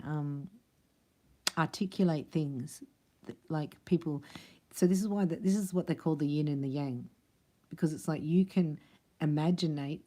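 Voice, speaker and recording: A woman giving a relaxed tarot reading in a low-set, mellow voice. She rambles along in a chatty way, often breaking into laughter between thoughts. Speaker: tarot reader. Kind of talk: casual spoken tarot reading.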